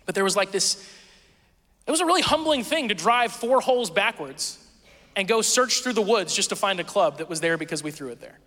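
A man's voice: sits high, animated, brisk, sharp tone, big-room sound. A male pastor preaching a sermon in a conversational, storytelling way, acting out quoted voices.

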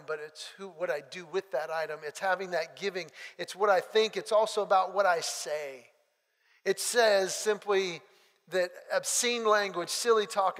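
A man preaching a sermon, telling stories and quoting friends in animated back-and-forth. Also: sits high, big-room sound. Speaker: pastor. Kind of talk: sermon with storytelling.

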